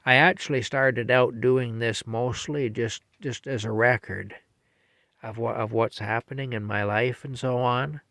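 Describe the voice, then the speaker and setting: An older man with a gravelly voice that keeps slipping into fry, talking casually at bedtime. He rambles, repeats himself and talks gently to his cat, in a middle-pitched voice. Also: fairly even intonation, a little slow, dry recording. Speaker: vlogger. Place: small camper in a field, at night.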